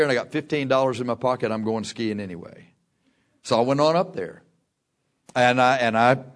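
A man preaching, spinning a personal tale with an animated, laughing delivery. His voice sits at a middle pitch and swings widely, rising to shouts at the peaks of the story.

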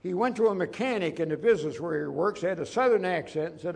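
A male pastor with a somewhat high, gravelly voice, preaching in a folksy, conversational way. He drifts into personal stories and leans hard on his points. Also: quick pace, few pauses. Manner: folksy, conversational, emphatic, storytelling. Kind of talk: sermon with personal anecdotes.

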